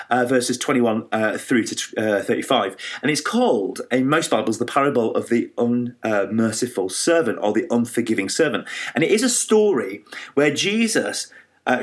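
A man preaching a sermon, retelling a parable with lively storytelling, frequent fillers and restarts. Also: medium pitch, moderate pace. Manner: animated storytelling with many fillers and restarts, acting out quoted voices.

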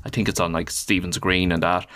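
A man's voice: low voice, level tone, brisk, pushed and bright. An Irish man hosting a podcast in casual, jokey chat, laughing often. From Ireland. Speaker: podcast host.

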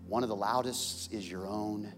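A man preaching a sermon as pastor, moving from loud calls to the crowd to hushed, intense passages, in a large church auditorium. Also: fairly low pitch, fairly even intonation, moderate pace, big-room sound, music in the background.

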